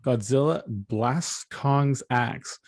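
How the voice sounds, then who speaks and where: Man, podcast co-host, mid pitch, relaxed, dry jokes, close dead-sounding mic. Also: drawn-out words, dry recording. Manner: laid-back, reads plot summary aloud, dry jokes. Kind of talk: casual chat.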